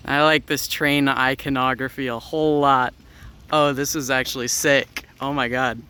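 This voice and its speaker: A man's voice: mid-range voice, level tone, moderate pace, bright, forceful tone, clear, resonant tone. A man vlogging outdoors while cycling through town, narrating casually with wry asides and plenty of "uh"s, recorded on a bike-mounted camera. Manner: rambling, wry asides, frequent "uh". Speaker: transit vlogger.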